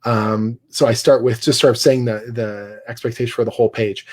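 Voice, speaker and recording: A comics writer teaches a live online class on scriptwriting, explaining casually with lots of fillers and restarts and reading his own script passages aloud. His mid-range voice is steady and a little mellow, moving fairly quickly with hardly any pauses.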